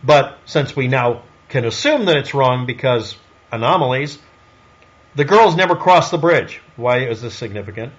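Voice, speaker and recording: A man's voice: medium pitch, lively intonation, moderate pace, dull audio. A man delivering a solo commentary monologue in a snarky, sarcastic way, firing off rhetorical questions. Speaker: online commentator.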